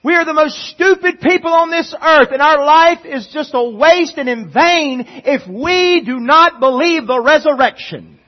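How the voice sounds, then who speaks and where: A pastor preaching a sermon, pleading and swinging from quiet talk to impassioned urging. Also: male voice, very high voice, measured pace, hardly any pauses, highs cut off.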